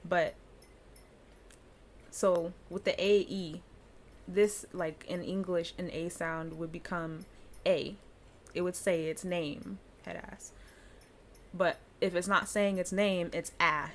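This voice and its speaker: Chatty and relaxed, a woman teaching languages walks through pronunciation, frequently laughing mid-explanation. She speaks slowly with long pauses, in a lowish, steady voice, and there is slight background noise.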